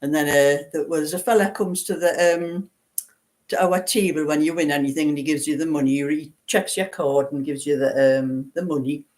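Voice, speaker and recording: A woman's voice: low voice, moderate pace, darkish tone. A woman in her seventies with a light Geordie accent, rambling and chatting as she hosts a live stream, often breaking into laughs. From Newcastle, northeast England. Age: 70s. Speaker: knitting channel host. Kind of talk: casual livestream chat.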